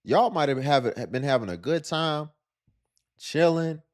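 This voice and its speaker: A man's voice: a little high, animated, measured pace. A man giving sarcastic, lecturing reaction commentary on a video clip.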